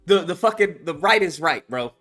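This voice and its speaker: A man hosting a live stream, reacting with animated, profane talk and sudden shouted outbursts. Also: fairly high pitch, normal speed, faint music behind. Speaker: streamer host.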